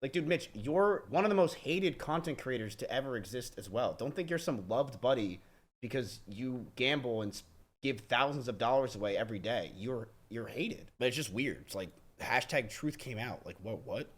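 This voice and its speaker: A young adult man streaming live, ranting to his chat with profane, rapid storytelling and frequent restarts. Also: mid-range voice, expressive. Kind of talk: livestream rant to chat.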